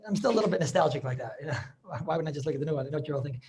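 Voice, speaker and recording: A man's voice: on the high side, expressive, racing, a little mellow. A man, a rabbi, teaching an informal class over a video call, chatty and sprinkling in study-hall terms. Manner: chatty, mixes in Yiddish and Hebrew study terms.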